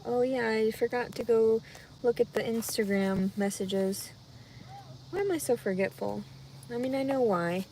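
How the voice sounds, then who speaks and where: A heavily pregnant woman chatting casually with viewers on a livestream, rambling and anxious, her voice jumping into loud high cries when she gets upset. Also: a little slow, slight background noise. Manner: rambling, talks through her worries out loud. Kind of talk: casual live chat.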